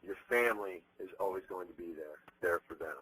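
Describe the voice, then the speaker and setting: A man in his thirties being interviewed, telling stories bluntly with plenty of profanity and animated energy. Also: sits low, brisk, breathy edge, low-quality recording. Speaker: interviewed musician. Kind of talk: candid interview talk.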